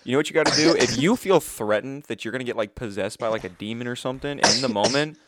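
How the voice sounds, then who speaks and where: A man's voice: mid-range voice, fast talker, fairly bright tone, a little hiss or hum. A young man in casual podcast chat, telling crude jokes and stories with insistent confidence. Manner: crude, joking, insistent storyteller.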